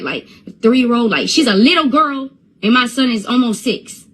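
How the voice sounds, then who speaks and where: A woman's voice: a little high, lively intonation, moderate pace, a bit bright, breathy edge. A woman telling a story to her viewers on a phone livestream, repeating and stumbling over words as she goes. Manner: stutters and repeats words when upset. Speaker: Instagram live streamer.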